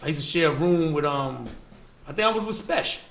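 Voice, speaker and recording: New York man, slangy storytelling guest, bright tense voice, echoey room with faint noise. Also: on the high side, lively intonation, fairly quick, vocal fry. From the Bronx, New York. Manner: loose, slangy storytelling with many fillers. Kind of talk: casual storytelling interview.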